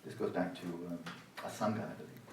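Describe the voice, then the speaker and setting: An older man teaching at a meditation retreat, his voice a touch low. He is sarcastic and animated and acts out his students' doubts in little voices. The sound is roomy and a bit distant, with faint hiss behind him. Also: fairly quick. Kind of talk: dharma talk at a retreat. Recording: roomy hall, voice from the mic's distance.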